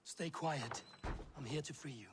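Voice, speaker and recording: An actor playing a calm, stoic male warrior in a video game, speaking quietly and tersely. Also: a little high, a little slow, crowd noise, close to an everyday voice. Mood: steady.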